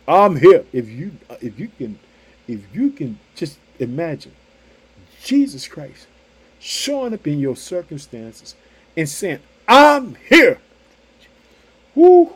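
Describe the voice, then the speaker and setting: A man preaching a sermon with emphatic, repetitive phrasing, swinging between loud outbursts and hushed asides. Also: high voice, husky.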